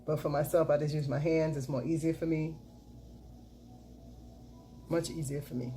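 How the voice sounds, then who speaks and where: Low mellow-voiced lady doing her makeup on cam, keeps hyping herself up, bit of hiss behind. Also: steady tone, normal speed. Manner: chatty, repeats catchphrases and cheers herself on. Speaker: makeup vlogger. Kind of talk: casual makeup tutorial chat.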